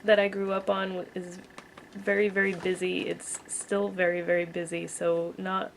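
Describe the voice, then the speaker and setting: A woman's voice: on the low side, level tone, normal speed, gravelly, a little hiss or hum, low-quality recording. A young woman hosting a casual chat video at home, reading out questions in a chatty, teasing way. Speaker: vlogger host.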